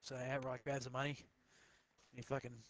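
Swearing gamer telling a joke. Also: male voice, medium pitch, little pitch movement, fairly quick. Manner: swears freely, rambling storyteller. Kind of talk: casual joke telling over voice chat.

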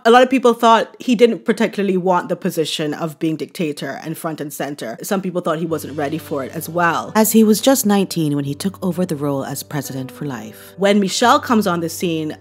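A woman's voice: medium pitch, fairly bright tone. A woman from Barbados hosting a casual commentary vlog, chatty and gushing, with playful asides. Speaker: commentary channel host.

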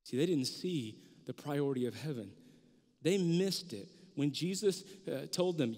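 Man, pastor, sermon, high voice, animated delivery, long church reverb. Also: brisk. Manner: animated, acts out the disciples in raised voices. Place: church sanctuary.

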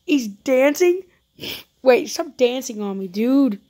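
A woman's voice: sits high, lively intonation, takes it slowly, dark tone. Jumpy woman narrating her gameplay live. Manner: jumpy, talks to viewers, repeats panicked no's. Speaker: YouTuber playing a roleplay game.

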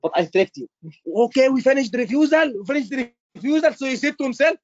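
Animated high-voiced male tutor on a call. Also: quick pace, no echo, highs cut off. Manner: animated, repeats himself, checks in with the class. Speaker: medical exam tutor. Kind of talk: online class teaching.

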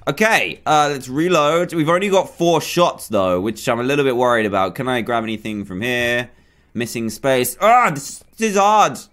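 A young man giving excitable gameplay commentary, yelping and shouting at enemies as he plays. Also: mid-range voice. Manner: animated, yelps and shouts at enemies. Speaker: gaming YouTuber.

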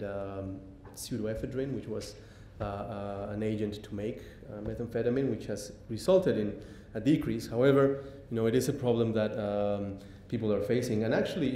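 Guy lecturing, lots of ums, lowish mellow voice, roomy hall w/ faint rumble. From Mexico. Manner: halting, many ums and restarts. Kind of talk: public lecture.

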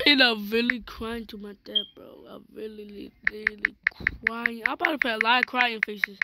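A woman's voice: high voice, moderate pace. A woman giving playful game commentary, talking in a dramatic, whiny way with fake crying. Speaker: gaming channel host. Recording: loud background noise.

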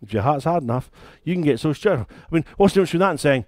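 A man's voice: a little high, animated, rapid-fire, a little mellow, no room sound, studio quality. A British man, a church founder and pastor, preaching a sermon in a conversational, emphatic way with stories.

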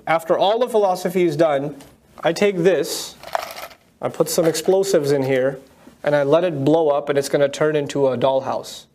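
A man teaching a Quran commentary lecture, firing mocking rhetorical questions and reciting Arabic verses rapidly. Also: on the high side, darkish tone. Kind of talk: tafsir lecture.

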